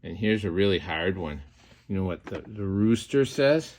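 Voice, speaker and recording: A man's voice: low-pitched, expressive, moderate pace, very noisy. An older man and grandfather, teaching a small child at home in a playful, sing-song way and often repeating himself. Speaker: grandfather host.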